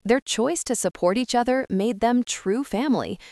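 A woman's voice: fairly high pitch, normal speed, dark tone, no echo. Woman narrating a book summary, dry sound.

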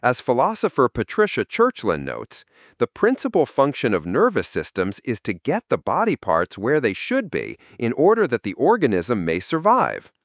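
A man giving a measured, scripted explanatory narration. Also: medium pitch, wildly swooping pitch, dry recording, clean studio sound.

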